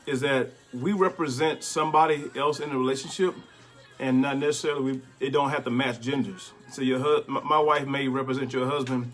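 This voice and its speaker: A middle-aged man, a bishop, giving plainspoken, relaxed marriage advice in casual conversation. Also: medium pitch, fairly quick. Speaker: bishop, co-host.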